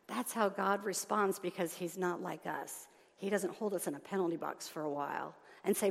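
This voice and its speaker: A woman preaching a sermon, animated, moving between loud emphatic lines and soft hushed ones. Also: on the low side, normal speed, vocal fry, hardly any pauses. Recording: long reverb of a large hall.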